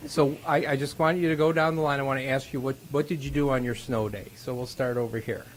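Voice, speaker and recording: A man's voice: mid-range voice, steady tone, fast, rough recording. A man chairing a school board meeting, joking and encouraging as he talks with young students. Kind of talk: friendly meeting chair talking with children. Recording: loud background noise.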